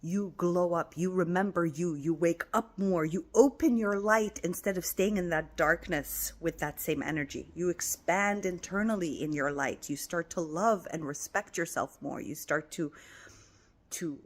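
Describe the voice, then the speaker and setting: A woman giving a spiritual self-help talk, tender and affirming, often dropping into soft whispers. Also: fairly low pitch, measured pace. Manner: coaxing and affirming, repeating phrases. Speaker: spiritual teacher.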